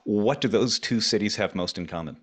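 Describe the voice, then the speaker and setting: A man hosting a sports business podcast, asking questions in a playful, lively way. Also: lowish voice, brisk, slightly rough. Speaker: podcast host. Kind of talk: podcast interview and outro.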